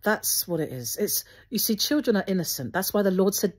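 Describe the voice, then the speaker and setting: A woman, speaking earnestly to her viewers with Christian encouragement, gently instructive and often restarting her sentences. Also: medium pitch, lively intonation, a little fast, few pauses, slightly rough. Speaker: Christian video host.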